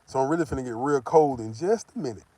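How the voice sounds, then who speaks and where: Profane, animated male storyteller. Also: mid-range voice, fast talker, no room sound. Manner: profane, animated, acts out the people he quotes. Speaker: vlogger. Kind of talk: casual storytelling.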